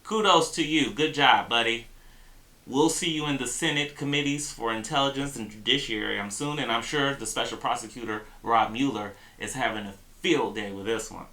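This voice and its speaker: A man hosts a political commentary monologue. His voice is bright and forceful, and he leans hard on key words and closes on sarcastic jabs. The pitch sits in the middle range for a man. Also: brisk, hardly any pauses, reverberant. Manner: emphatic, builds to sarcastic punch lines. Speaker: host.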